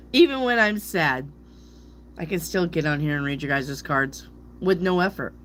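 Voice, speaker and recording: A woman's voice: low-pitched, expressive, unhurried, slight background noise. A middle-aged woman, a tarot reader, chatting casually to her viewers, playfully tripping over hard words and laughing at herself. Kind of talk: casual rambling chat to viewers.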